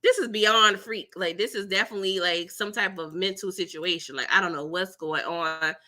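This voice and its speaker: A woman hosting a casual TV recap livestream, talking in an animated, dramatic way with slangy asides and quick impressions of the characters. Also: lowish voice. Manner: mimics characters' lines in quick voices. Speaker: recap channel host.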